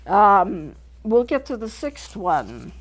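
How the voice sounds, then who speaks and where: A woman's voice: medium pitch, sing-song, slow pace. A middle-aged woman counselor hosting a local TV talk show, explaining points earnestly in a studio and repeating them for clarity. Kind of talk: teaching talk to camera.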